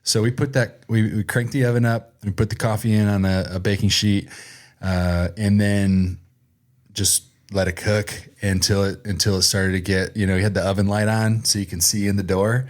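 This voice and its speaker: Low-voiced man telling casual stories. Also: normal speed. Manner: relaxed and chatty, laughs often at himself. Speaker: podcast guest, coffee roaster. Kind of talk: casual storytelling in conversation.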